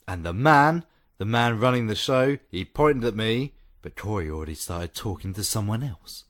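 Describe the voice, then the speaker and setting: A man co-hosting a podcast in casual chat, animated and joking, laughing often. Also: fairly low pitch, moderate pace. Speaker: podcast co-host.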